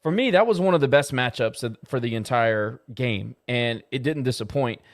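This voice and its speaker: A man's voice: mid-range voice, animated, normal speed, no room sound, studio quality. Upbeat man breaking down matchups. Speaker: podcast co-host. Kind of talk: casual sports analysis.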